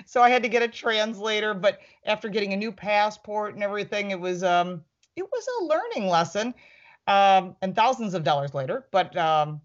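A woman who reviews cars, chatting on a panel and telling a story with lively quoted lines. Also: medium pitch, moderate pace, highs cut off. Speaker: car reviewer with a YouTube channel. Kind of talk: casual panel chat.

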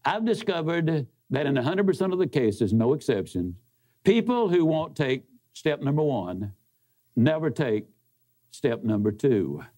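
A man giving a motivational speech, telling a story in a folksy, emphatic way with big swings in pitch. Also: very animated, measured pace, mellow. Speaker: motivational speaker.

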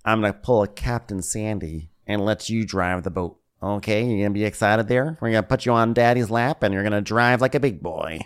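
A man co-hosting a comedy recap podcast in casual chat, sarcastic and quick to laugh. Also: clean tone. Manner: sarcastic, laughs often, jumps into high mocking voices for quotes. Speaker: podcast co-host recapping a reality show.

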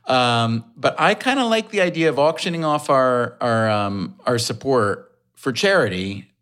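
A middle-aged man co-hosting a podcast, talking in a rambling, halting way and often restarting his sentences. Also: mid-range voice, animated, a bit bright. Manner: rambling, halting, self-correcting. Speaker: podcast co-host. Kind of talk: casual chat.

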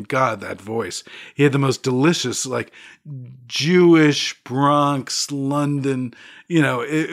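Man, conversational guest, lively storyteller, mid-range voice, frequent laughter. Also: medium pitch. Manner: animated, laughs often, acts out quotes.

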